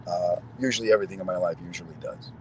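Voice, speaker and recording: Out in a city square, a middle-aged comedian host races through stories for his viewers in a low, steady voice, peppering them with asides. The background is noisy.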